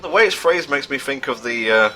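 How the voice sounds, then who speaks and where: A man's voice: mid-range voice, animated, fairly quick, pushed and bright. A man co-hosting a game playthrough in casual commentary, dry and teasing with a pedantic streak. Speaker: let's play co-host. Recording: faint game music behind.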